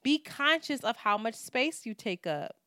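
A woman's voice: fairly high pitch, sing-song, a little slow, sharp tone, no echo, clean studio sound. A woman, co-hosting a podcast and telling a story in casual, profane talk, acting out what people said. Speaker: podcast co-host.

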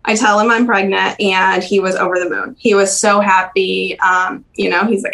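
Young woman, halting and soft-spoken. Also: medium pitch, steady tone, vocal fry, low-quality recording. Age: young adult. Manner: soft-spoken and halting, with frequent ums and restarts. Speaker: interview guest. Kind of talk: podcast interview, personal recollection.

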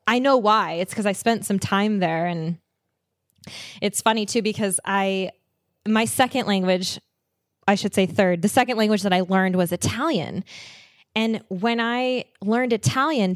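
A woman's voice: mid-range voice, no echo, studio quality. A woman chatting enthusiastically as a guest about travel and languages, laughing often. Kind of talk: casual travel chat.

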